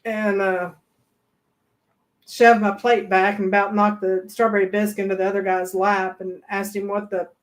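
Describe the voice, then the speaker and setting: A middle-aged woman co-hosting a travel live stream, telling stories in a lively, animated way and acting out the people she quotes. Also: normal speed. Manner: animated, acts out quoted voices with big pitch jumps. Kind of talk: casual storytelling chat.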